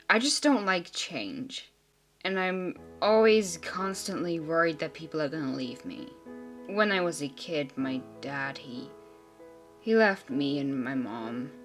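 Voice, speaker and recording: A woman with a lowish, fairly bright voice plays several teenage girls in an amateur drama. Her delivery is emotional, earnest and sulky, typical of amateur teen drama acting.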